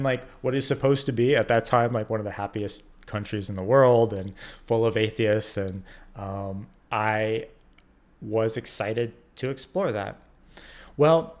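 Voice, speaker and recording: A man from the United States in his thirties telling a personal story in a casual, animated way, acting out the quoted voices and using many fillers. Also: on the low side. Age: 30s. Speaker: vlogger.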